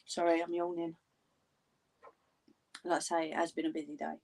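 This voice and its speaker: A woman's voice: sits low, little pitch movement, moderate pace, darkish tone. A woman chatting casually with viewers on a craft livestream. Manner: chatty, talks to viewers in the chat.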